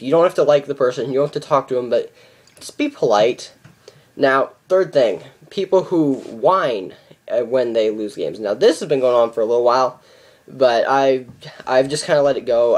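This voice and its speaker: A teenage boy vents in a casual vlog, his voice sitting at an ordinary middle pitch. He talks in an exasperated, repetitive way, coming back again and again to how ridiculous and pathetic things are. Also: a little mellow. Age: teens. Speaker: card game vlogger.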